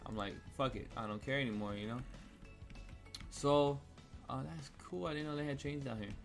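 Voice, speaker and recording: A man's voice: mid-range voice, normal speed, vocal fry. A young man vlogging, telling a heated, rambling story full of swearing while he plays a game. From United States. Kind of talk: casual storytime rant while gaming. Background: faint cello music.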